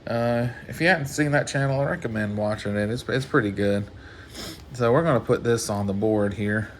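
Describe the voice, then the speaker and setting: A soft-spoken man doing a casual mail-call vlog about his toys, talking haltingly with many restarts, at home. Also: fairly low pitch, slight background noise. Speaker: toy collector vlogger.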